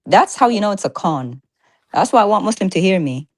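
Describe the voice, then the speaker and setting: A woman co-hosting a live-streamed talk show, arguing emphatically in casual chat with rapid-fire rhetorical questions. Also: medium pitch, sing-song, no room sound.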